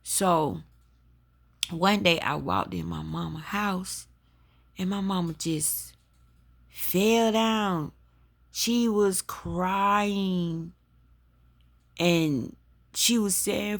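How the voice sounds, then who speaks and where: A woman's voice: on the low side, drawn-out words, gravelly, long pauses. A woman telling a personal story to her listeners and turning it into an emphatic spiritual lesson. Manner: emphatic, addresses listeners as y'all. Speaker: spiritual talk host. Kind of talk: personal testimony with preaching.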